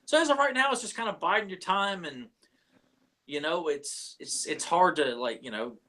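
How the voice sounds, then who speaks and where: A man's voice: high-pitched, animated, normal speed, bright, forceful tone. A man co-hosting a podcast in casual chat, hesitant and sentimental, often repeating his words as he talks. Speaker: podcast co-host.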